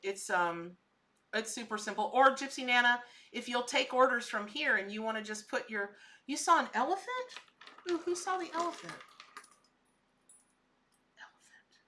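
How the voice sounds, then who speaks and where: A middle-aged woman hosts a live stream as a tarot and spirit animal reader, chatting with viewers and gushing over what she sees. Her voice sits a little high and sounds bright and forceful, moving at a normal speed.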